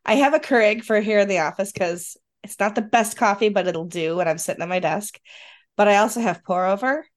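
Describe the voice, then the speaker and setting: A woman's voice: mid-range voice, a little fast. A woman in her fifties with a Western New York accent, a podcast host in casual chat who laughs often and trails off mid-sentence. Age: 50s.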